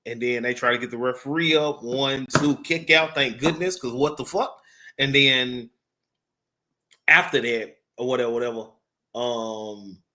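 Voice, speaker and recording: A man's voice: medium pitch, sharp tone. A man giving a casual, rambling wrestling review off the cuff, full of fillers and swearing. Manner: rambling, profane, filler-heavy.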